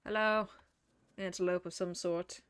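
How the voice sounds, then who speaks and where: A woman's voice: fairly low pitch, fairly even intonation, a little slow, fairly bright tone, clear, resonant tone, dry recording. A woman streamer chatting through live gameplay, laughing often, swearing freely and muttering to herself. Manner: frequent laughter.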